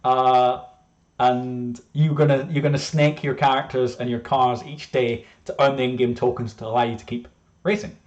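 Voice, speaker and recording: Excitable rambling man presenting casually. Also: mid-range voice, moderate pace, muffled recording. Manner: rambling, self-interrupting, excitable, jokey. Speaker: game developer presenting his project. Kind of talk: casual screen-share presentation.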